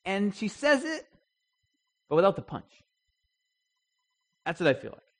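A man's voice: high voice, huge pitch swings, a little slow. A man leading an interactive Bible study, talking conversationally, putting questions to the group and restarting his sentences often.

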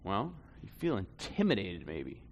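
A man preaching a conversational sermon, swinging between loud bursts and hushed asides. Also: low-pitched, huge pitch swings, a little slow, a little hiss or hum. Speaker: pastor.

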